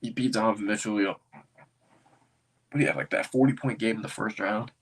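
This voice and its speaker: A man hosting a casual livestream as a basketball fan, rambling and thinking out loud with excitable bursts. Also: lowish voice, fairly quick, breathy edge.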